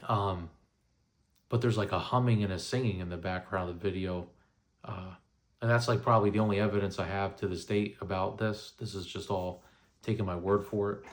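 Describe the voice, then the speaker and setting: A man in his 30s vlogs about paranormal experiences in a low, steady voice, talking a little fast. His first-person storytelling is casual and rambling, peppered with "you know" and "right?".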